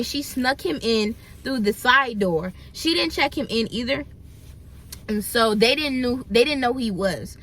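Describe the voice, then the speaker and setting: A young woman, telling viewers a storytime in an animated, chatty way. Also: on the high side. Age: young adult. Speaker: vlogger. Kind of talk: storytime vlog.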